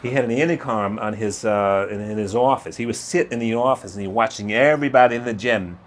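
A man in his sixties, a guest in an interview, telling his life story in a lively way, acting out other people's voices and laughing often. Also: lowish voice, quick pace. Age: 60s. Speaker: guest, retired bodybuilder.

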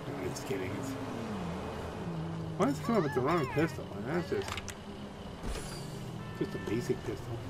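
A man's voice: medium pitch, wildly swooping pitch, moderate pace, pauses often, very noisy. Playful man narrating gameplay. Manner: playful, goofy, makes silly sound effects. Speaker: gaming channel host. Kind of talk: casual let's play commentary.

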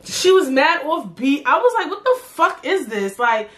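A young woman hosting her own podcast, ranting in a blunt, profane, animated way about music and celebrities. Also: high-pitched, normal speed. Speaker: podcast host. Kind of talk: casual solo podcast rant.

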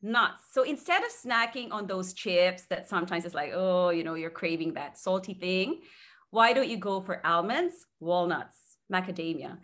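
A woman's voice: on the low side, animated, normal speed, fairly bright tone. A woman guest on a podcast, giving sleep advice in a chatty way and laughing between points.

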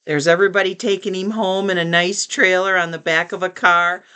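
An older woman reading a children's picture book aloud with gentle, chatty asides to young listeners. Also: on the low side, steady tone, fairly quick, smooth. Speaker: storybook reader.

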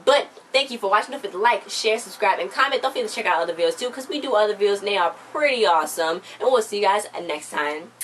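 A woman's voice: mid-range voice, lively intonation, fast talker, hardly any pauses, fairly bright tone, slight background noise, low-quality recording. A young woman in her late teens, chatting casually as she recaps a TV episode, full of slang and fillers. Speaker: TV recap vlogger. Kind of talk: casual chat.

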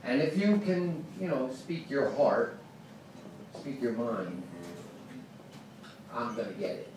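Man, stand-up comic, rambling, mumbles then rants, slow, lively pitch, echoey club, distant mic. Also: over music. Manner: rambling, swings from mumbling to ranting. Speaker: stand-up comedian. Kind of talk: open-mic stand-up set. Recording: echoey club from far off, noisy.

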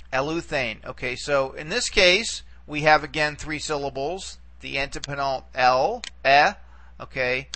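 A Greek language teacher leads a recorded video lesson in a bright, forceful mid-range voice, with a faint hiss or hum in the background. He's patient, goes over words more than once, and keeps asking "okay?" to make sure students follow.

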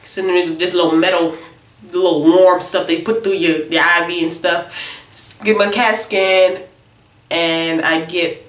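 A young woman tells a casual storytime vlog, animated and chatty, often tagging "okay?" onto her sentences. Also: fairly low pitch, measured pace, reverberant. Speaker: vlogger.

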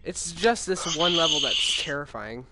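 A man's voice: a little high, animated, measured pace, heavy background noise. A man joking and teasing casually as a friend on a voice call. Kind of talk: casual chat. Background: music playing.

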